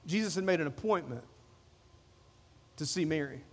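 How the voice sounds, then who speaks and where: A man's voice: very high-pitched, a little fast, a bit bright, long reverb tail. A man preaching a sermon as pastor, repeating phrases and acting out the people in the passage. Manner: preaching with repetition, acting out quoted voices.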